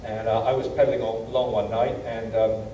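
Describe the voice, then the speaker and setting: A man's voice: lowish voice, flat delivery, fairly quick, mellow. A British man giving a humorous travel lecture to a college audience, telling stories with a self-deprecating touch and lots of ums and uhs, recorded from far off in a lecture hall. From Britain. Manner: anecdotal, self-deprecating, many fillers. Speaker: guest lecturer. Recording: echoey hall from far off, faint hiss.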